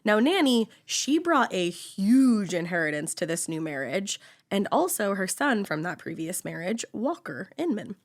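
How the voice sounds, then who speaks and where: A woman's voice: mid-range voice, big pitch swings, unhurried. Chatty, sarcastic woman telling a story. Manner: chatty, sarcastic asides, swears casually. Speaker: podcast co-host telling the story. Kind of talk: casual true-crime chat.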